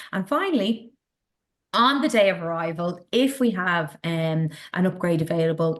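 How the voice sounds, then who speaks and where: A fairly low-pitched Irish woman talking casually in an interview. She explains things patiently with plenty of examples and laughs easily, keeping a friendly, chatty tone. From Ireland. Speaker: sales and marketing director of a castle estate.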